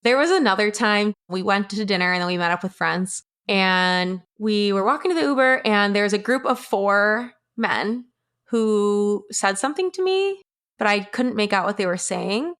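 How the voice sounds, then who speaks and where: A woman's voice: medium pitch, animated, moderate pace, a bit bright, clean tone. A young adult woman, a guest on the show, recounting a personal story in a blunt, candid way and swearing freely. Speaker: podcast guest.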